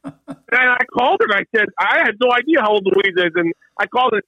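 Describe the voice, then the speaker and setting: A man co-hosting a podcast, telling a casual story in an animated way and acting out the voices in it. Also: sits high, fast, no room sound. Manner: animated, acts out voices in his stories. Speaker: podcast co-host, hockey play-by-play announcer. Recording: slightly dull, dry sound.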